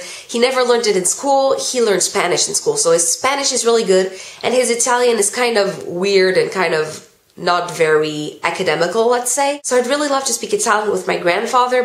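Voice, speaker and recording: A teenage girl with a Californian-tinged American accent, answering viewer questions in a casual vlog. She reads each question aloud, then answers chattily with "um" and "like". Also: medium pitch. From France. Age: teens. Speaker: vlogger. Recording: roomy echo.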